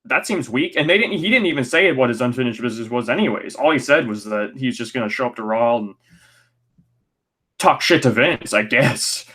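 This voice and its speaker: A man's voice: mid-range voice, lively intonation, a little fast, fairly bright tone, slightly rough. A man hosting a casual review podcast, ranting sarcastically and swearing freely. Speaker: podcast host.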